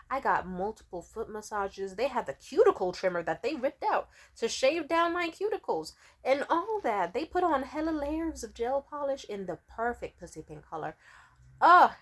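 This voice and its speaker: A woman vlogger in a casual storytime rant, rambling and swearing freely, with constant "like" fillers. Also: medium pitch. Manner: profane, rambling, many "like" fillers.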